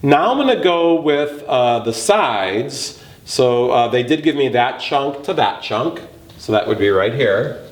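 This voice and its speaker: A man teaching a geometry lesson, thinking aloud as he works through a proof step by step. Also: on the low side. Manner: slow, thinking aloud while working a proof. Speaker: math teacher. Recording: roomy recording with faint noise.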